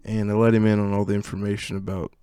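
A young man tells a funny childhood story on a podcast, laughing as he goes and acting out the lines of the people in it. His voice sits fairly low. The sound is dry and close to the mic. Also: quick pace, clear, resonant tone, no room sound. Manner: laughing, animated storyteller who acts out quotes. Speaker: podcast co-host. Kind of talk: casual storytelling chat.

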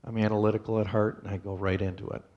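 Low gravelly man giving a testimony. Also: level tone, a little mellow, highs cut off. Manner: plainspoken storytelling with pauses and restarts. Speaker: church testimony speaker. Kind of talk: personal testimony to a congregation.

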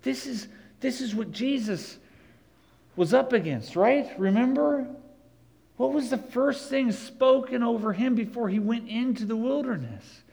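A man preaching a sermon, rising to emphatic peaks and dropping low and slow to read scripture. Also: expressive, vocal fry, darkish tone, poor audio. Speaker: pastor.

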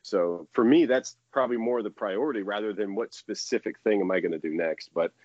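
Chatty low-voiced man, dry muffled sound. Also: brisk, darkish tone, dry recording. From United States. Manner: chatty, rambling, laughs often. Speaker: baseball pitcher, guest. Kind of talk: casual interview chat.

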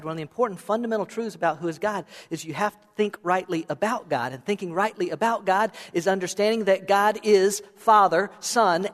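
A middle-aged man preaching a sermon as pastor, conversational and playful, asking his listeners questions. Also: high voice. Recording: reverberant hall sound.

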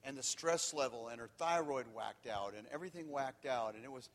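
A man preaching, telling candid stories that swing from loud and animated to quiet and hushed. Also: mid-range voice, brisk. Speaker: pastor. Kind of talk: sermon. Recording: long hall reverb.

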